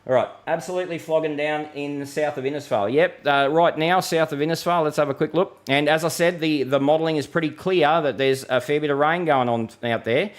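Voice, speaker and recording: A man's voice: fairly high pitch, a little fast, few pauses. Australian male weather host, middle-aged, casual matey live-stream chat, reads comments and laughs easily.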